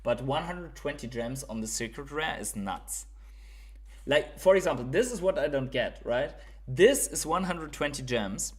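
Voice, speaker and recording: Male livestream host, German accent, mid-pitched, chatty and unpolished, swears, ends lines with "right?". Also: expressive, unhurried, husky. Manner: thinks aloud, swears, keeps adding "right?". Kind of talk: casual livestream chat.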